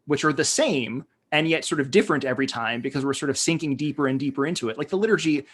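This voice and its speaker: A man's voice: fairly high pitch, fast, a bit bright, slightly rough. An American man co-hosting a podcast, talking in a rambling way with many fillers and restarts. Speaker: podcast co-host. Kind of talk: casual discussion.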